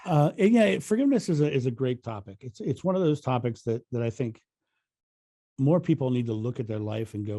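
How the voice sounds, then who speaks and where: A man's voice: mid-range voice, expressive, brisk, mellow. Easygoing man co-hosting a spiritual podcast. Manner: laughs easily, repeats himself. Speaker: podcast co-host. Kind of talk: casual spiritual chat.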